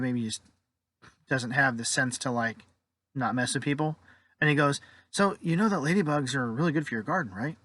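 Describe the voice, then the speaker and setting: A man telling an ad-libbed parable in a casual, rambling way, with restarts and quick quoted lines for the people in it. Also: medium pitch, fairly bright tone. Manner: briefly voices the story's people in quoted lines. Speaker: storyteller.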